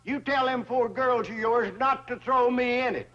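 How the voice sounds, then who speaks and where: A man's voice: extremely high pitch, moderate pace. An actor playing a boastful, stubborn rustic old man, talking brashly and folksily. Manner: brash, folksy, self-pleased. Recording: dull old TV soundtrack with loud laugh track.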